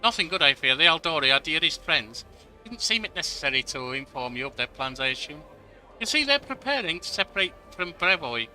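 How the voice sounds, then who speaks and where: A man's voice: a little high, big pitch swings, fairly quick, pushed and bright, soft background music, exaggerated voice. A man reading a scheming noblewoman's lines aloud in a sweetly threatening manner. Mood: sugary threat. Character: scheming noblewoman, sugary and menacing.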